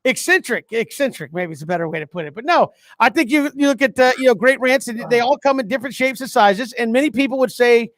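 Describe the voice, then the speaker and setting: A man co-hosting casual sports talk, an animated storyteller who laughs while talking. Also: extremely high pitch, quick pace, few pauses, dry recording. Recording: dry close sound.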